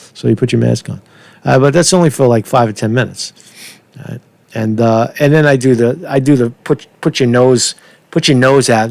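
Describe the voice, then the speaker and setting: Gravelly, profane man hosting a livestream. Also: medium pitch, dry recording. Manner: rambling, profane, sarcastic. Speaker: channel host. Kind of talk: casual livestream commentary.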